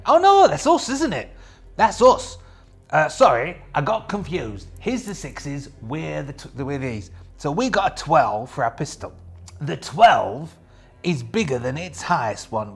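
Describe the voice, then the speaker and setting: A chatty man talks through a solo tabletop game, wandering off on jokes and asides. His voice is gravelly and lively, rising and falling a lot. Light music sits softly underneath. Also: mid-range voice. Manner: chatty, rambling, jokey. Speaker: solo game player and host. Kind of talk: casual tabletop game play narration.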